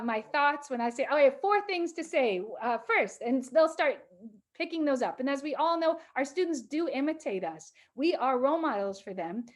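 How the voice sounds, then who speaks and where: A middle-aged woman teacher talking calmly to a group of teachers, measured, with pauses and fillers. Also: high-pitched.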